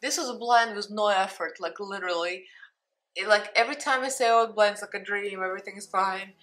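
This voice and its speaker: A woman's voice: mid-range voice, fairly quick, a bit bright. A young adult woman with a Russian accent, chatting casually through a makeup tutorial and talking to her cat along the way. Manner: chatty, talks to her cat between steps. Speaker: beauty vlogger.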